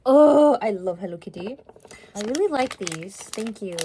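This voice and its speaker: A young woman chatting casually in an unboxing vlog, gasping and gushing excitedly. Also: medium pitch, moderate pace, a little hiss or hum. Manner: gushing, gasping, excited over cute toys. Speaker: vlogger.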